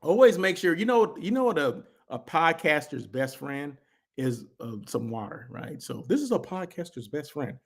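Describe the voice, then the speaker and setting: A man's voice: a little high, sing-song, normal speed, creaky. A man hosting a live daily show, chatting casually in a rambling way with lots of asides and restarts. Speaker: host. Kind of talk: casual livestream chat.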